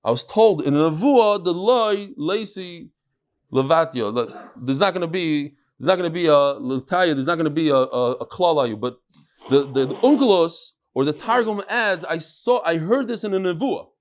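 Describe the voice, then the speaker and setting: A middle-aged man leads a daily Talmud class in a fairly high, animated voice at a normal speed. His teaching is conversational, full of asides and restarts, and he mixes in Hebrew and Aramaic terms.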